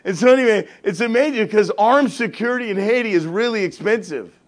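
A middle-aged male pastor with a fairly high voice tells a story from the pulpit. He acts out the back-and-forth of phone calls. He laughs his way through the funny parts. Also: a little fast. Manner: animated, acts out both sides of conversations, laughs often. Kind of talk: storytelling sermon.

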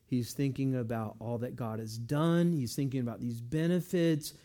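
A man preaching a sermon, talking in a relaxed, conversational way and reading scripture slowly. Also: medium pitch. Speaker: pastor.

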